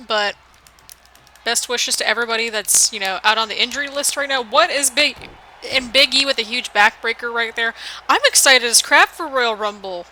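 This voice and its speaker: A woman hosting a gaming channel, from the United States with a northern, midwestern and southern accent blend, rambles chattily through play-by-play of a video game. Her voice is on the high side, pushed and bright at a moderate pace, on poor audio with slight background noise.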